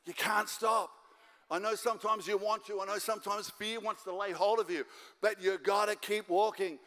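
Fired-up Australian man preaching, high voice. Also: steady tone, moderate pace, pushed and bright, in a large hall. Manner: fired-up, repetitive exhortation. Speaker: guest pastor. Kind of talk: sermon. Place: church auditorium.

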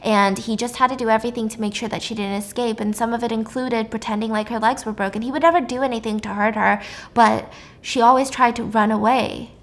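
A young woman YouTuber casually recapping a film's plot in a chatty, animated storytelling style. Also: fairly high pitch, fast talker.

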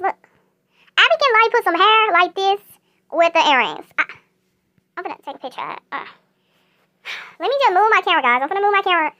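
A woman's voice: extremely high pitch, sharp tone. A female YouTuber chatting casually over mobile gameplay, repeating herself and talking straight to her viewers.

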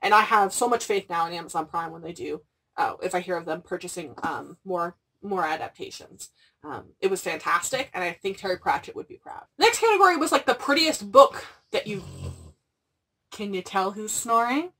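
A woman's voice: medium pitch, expressive, normal speed, a bit bright, slightly rough. Young woman, book vlogger, gushing rambling chat, slightly distant mic. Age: young adult. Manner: gushing, rambling, frequent "like" and "freaking". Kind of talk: casual chat.

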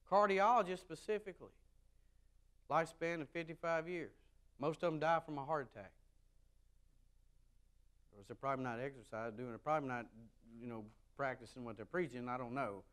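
A pastor from the United States preaching a sermon to his congregation, animated and rising loud when he reads scripture, with wry asides. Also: a little high, clean tone. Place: church sanctuary with a congregation.

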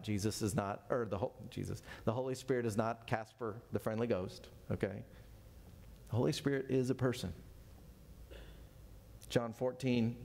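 A man's voice: fairly low pitch, a little mellow. A man in his fifties teaching a Bible study in a folksy, conversational way, with self-deprecating asides. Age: 50s.

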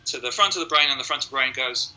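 A man's voice: medium pitch, rapid-fire, bright, forceful tone, rough recording. A man, a hypnotist being interviewed, explaining his method step by step in casual conversation and acting out what his clients think. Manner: explains step by step, acts out clients' inner voices. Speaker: hypnotist guest.

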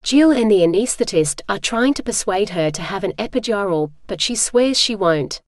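A sleepy young male orderly shrugs off the chaos with offhand gossip in this audiobook, voiced by a woman narrator. The sound is dry and close, with a middle pitch. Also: expressive, moderate pace, dry recording, lightly acted.

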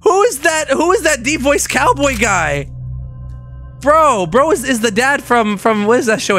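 A young man streaming a video game, swearing and joking excitably as he plays. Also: very high voice, a little slow. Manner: profane, excitable, jokey. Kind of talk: gaming commentary. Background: game music.

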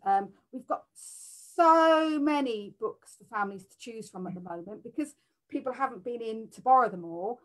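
A woman who works at a library, chatting warmly and a little haltingly in a live Q&A for parents. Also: medium pitch, poor audio. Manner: warm, chatty, many fillers and restarts. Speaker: library worker. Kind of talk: live Q&A chat.

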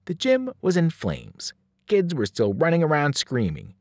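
A male teacher reads a novel aloud with dramatic flair, his pitch leaping and falling across every sentence. The recording is close and dry, with no room sound. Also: measured pace, gravelly, dry recording. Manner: animated, dramatic storytelling. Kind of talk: novel read-aloud narration.

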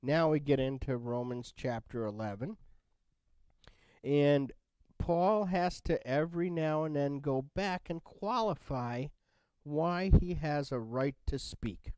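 A man's voice: on the high side, takes it slowly, darkish tone, smooth, no room sound. A man teaching a Bible study in a casual, conversational way, often checking in with "right?". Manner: conversational, keeps asking "right?".

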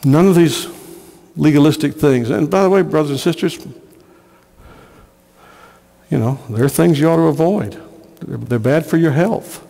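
Preaching pastor in a reverberant church. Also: male voice, a little high, a little fast, vocal fry, mellow. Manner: earnest preaching, repeats phrases for emphasis. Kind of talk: sermon. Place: church sanctuary.

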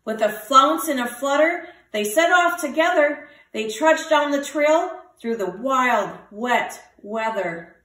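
A woman teacher reading a picture book aloud to children, with lively voices for the animals. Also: high-pitched, slow, distant mic. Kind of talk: storybook read-aloud for children. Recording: roomy, from the mic.

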